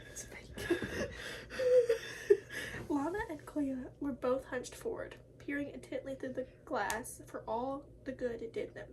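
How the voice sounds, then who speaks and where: A young woman with a high, bright voice reads horror posts aloud and keeps breaking off into casual chatter and giggles. Her reading is uneven and playful, over a faint background hiss. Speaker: video co-host.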